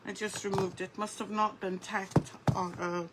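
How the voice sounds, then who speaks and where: A woman's voice: medium pitch, level tone, normal speed. A woman hosting a casual craft livestream, chatting and greeting viewers by name as she works. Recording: faint background noise.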